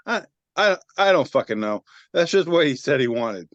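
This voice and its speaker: A laid-back man hosts a podcast and reads memes with swearing, deadpan asides, his voice sitting a touch high. The audio is muffled and lo-fi but dry. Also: moderate pace, no echo. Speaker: podcast host. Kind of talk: casual chat reading memes aloud.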